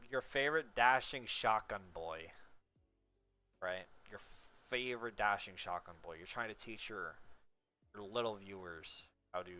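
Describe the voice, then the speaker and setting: Lowish-voiced man with a bright edge, rambling casual monologue peppered with rhetorical asides.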